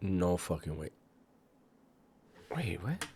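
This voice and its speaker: A man's voice: low voice, big pitch swings, slow pace, darkish tone, faint music behind. Guy ranting at a clip, incredulous and mocking, lots of cursing, swings up and down. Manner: mocking, incredulous, swears a lot. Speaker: reaction video host. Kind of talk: casual profane reaction commentary.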